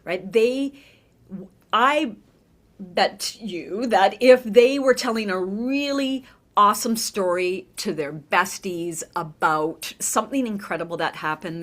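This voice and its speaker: A middle-aged woman, a vocal coach, talking in a conversational podcast interview, animated and often checking in with "right?". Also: mid-range voice, slow. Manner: animated, demonstrates voices, frequent "right?".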